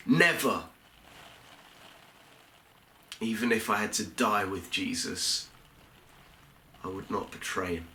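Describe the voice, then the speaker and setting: An actor playing a remorseful, fearful fisherman disciple in an earnest first-person church monologue, told with halting, heavy pauses. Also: lowish voice, sharp tone, reverberant.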